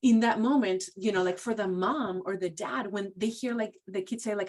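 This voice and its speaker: A woman's voice: mid-range voice, normal speed, a little mellow. A woman giving a conversational training talk, casual and full of "like" and "you know.". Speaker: presenter at a professional training.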